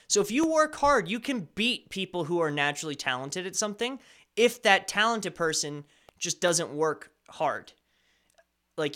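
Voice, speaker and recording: Stream host, man, slight Colorado accent, tense bright tone, rambling casual chat, pitched a bit high. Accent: slight Colorado American. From Colorado, USA. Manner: rambling, self-correcting, chatty. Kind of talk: casual chat answering viewer chat.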